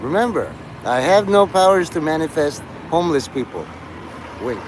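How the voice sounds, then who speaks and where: Guy in his 40s rambling on a livestream, slightly high voice, keeps trailing off, faint background hum. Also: sing-song, moderate pace. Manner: meandering, trailing off and restarting. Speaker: livestream host.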